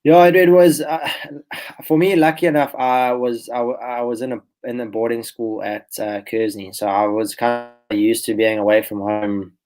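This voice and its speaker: A man in his twenties, a golfer guest on a podcast, telling his story in a relaxed, rambling way and often restarting his phrases. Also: medium pitch, moderate pace, poor audio. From South Africa. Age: 20s. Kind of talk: casual podcast interview.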